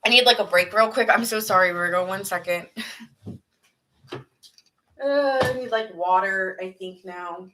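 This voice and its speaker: Bright-voiced earnest woman reading tarot. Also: medium pitch, unhurried, long pauses, a little hiss or hum, rough recording. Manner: earnest, rambling, emotional. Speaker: tarot reader.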